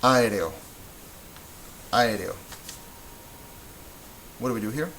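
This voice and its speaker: A man with a fairly low voice gives a patient whiteboard lesson. He explains each step slowly and stops now and then to correct himself. A faint hum of noise sits under his voice. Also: a bit bright, poor audio. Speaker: Spanish teacher.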